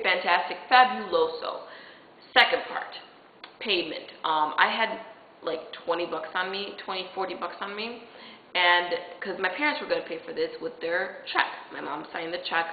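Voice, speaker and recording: A woman's voice: lowish voice, normal speed. A girl of seventeen rambling through a personal story, retelling each exchange with "I'm like" and the odd swear word. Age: late teens. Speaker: vlogger. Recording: tinny echoey room recording, faint hiss.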